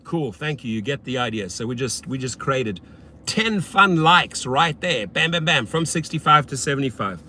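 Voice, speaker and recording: A man hosting a casual livestream as a rideshare driver, blunt and often profane, swinging between loud hype and low muttering. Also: lively intonation, normal speed, slight background noise.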